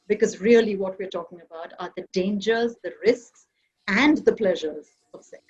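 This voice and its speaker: A woman's voice: mid-range voice, normal speed, husky, muffled recording. Woman from India arguing on a video-call panel. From Kerala, India. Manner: reflective, argumentative academic delivery. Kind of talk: online panel discussion.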